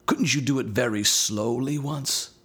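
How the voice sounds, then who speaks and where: A man's voice: mid-range voice, unhurried, breathy edge. A man voicing a practical, eager young English boy in a storybook reading. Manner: excited, eager questions.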